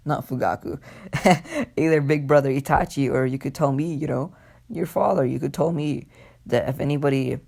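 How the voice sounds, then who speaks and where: A stern clan father speaks with a gravelly, middle-pitched voice, put on by a man retelling an anime story. He is firm and reassuring but halting, with plenty of fillers. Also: mellow, natural voice.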